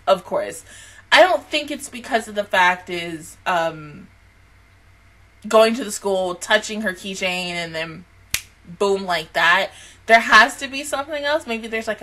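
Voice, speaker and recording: A young woman giving a casual anime reaction review, chatty, laughing often and squealing high when excited.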